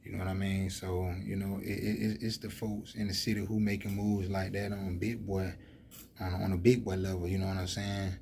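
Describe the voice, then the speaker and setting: Gravelly, mellow-toned Atlanta man, preachy and rambling, faint noise behind. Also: sits low, little pitch movement, brisk. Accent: Atlanta Southern. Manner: rambling, heavy fillers, preachy and heated. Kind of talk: casual street talk monologue.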